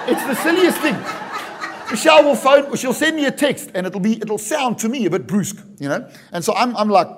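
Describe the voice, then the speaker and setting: A middle-aged pastor preaches with a notably high voice. He is animated and jokey, acting out small scenes and punctuating his points with "Amen?". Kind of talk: sermon.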